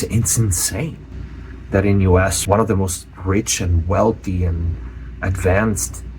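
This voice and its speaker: A man from Europe, a channel host giving a personal update, speaking earnestly with many pauses and restarts. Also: on the low side, slight background noise.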